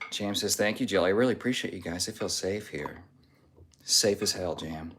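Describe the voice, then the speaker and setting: A man's voice: lowish voice, lively intonation, normal speed, a little hiss or hum. A man live-streaming, reading chat comments aloud in a jokey, casual way and sometimes sliding into a mock Southern drawl.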